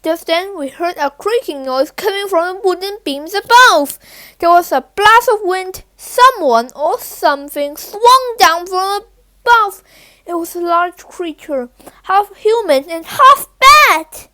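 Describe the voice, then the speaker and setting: A woman reads a children's picture book aloud, stumbling and restarting now and then. Her voice is very high, and she takes the text slowly and carefully. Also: expressive, bright, forceful tone. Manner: halting, with slips and restarts. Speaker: reader.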